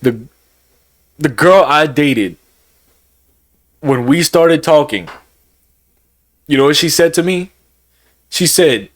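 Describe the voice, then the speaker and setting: Emotional young man with a lively voice. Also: fairly high pitch, slow, long pauses. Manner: emotional, repetitive, swings between heated and subdued. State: close to tears. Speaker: YouTuber. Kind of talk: emotional vlog confession.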